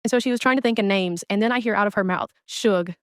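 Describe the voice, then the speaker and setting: Fed-up woman ranting, smooth clear voice, dry close mic, blunt and scornful. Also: mid-range voice, rapid-fire, no room sound. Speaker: commentary creator. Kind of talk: ranting commentary on another streamer.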